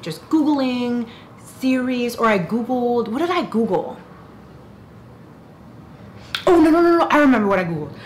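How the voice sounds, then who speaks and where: An animated young woman chatting about books in a rambling, self-interrupting way. Her pitch sits mid-range, and there is a faint hiss under her voice. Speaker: book reviewer. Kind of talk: casual chat.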